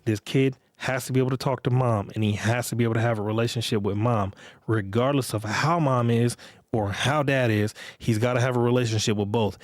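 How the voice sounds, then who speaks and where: A middle-aged man holds forth alone on his podcast, blunt and profane, hammering points by repeating them. His voice sits at an ordinary middle pitch. The sound is close and dry, with no room behind it. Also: fairly even intonation, a little fast, no room sound. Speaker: podcast host. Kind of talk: casual monologue.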